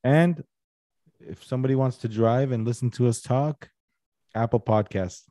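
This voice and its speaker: A man hosts a relaxed live-stream chat over a video call, loose and joking with the odd swear. His voice is mid-pitched, and the sound is dry and close. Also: normal speed, dry recording. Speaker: podcast host. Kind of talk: casual chat.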